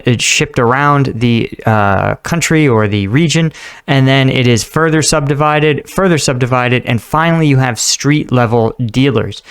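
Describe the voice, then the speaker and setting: A man hosting a reaction video, chatting casually and musing out loud, laughing often. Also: on the high side, smooth. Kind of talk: casual commentary.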